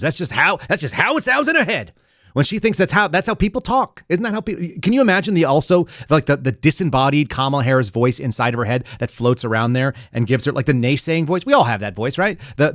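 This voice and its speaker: A man's voice: mid-range voice, lively intonation, quick pace, a bit bright. A male podcast host delivers casual, sardonic commentary that rambles from point to point. His voice sits in a middle range. The close mic sounds dry, with no room echo.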